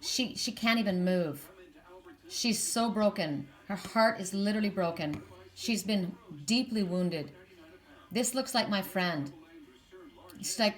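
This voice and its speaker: A woman's voice: mid-range voice, slow pace, long pauses. A woman reading tarot cards for her viewers, talking to them directly in an impassioned way and often repeating herself for emphasis. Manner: impassioned, talks straight to viewers, repeats words. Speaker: tarot card reader. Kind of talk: spiritual card reading monologue.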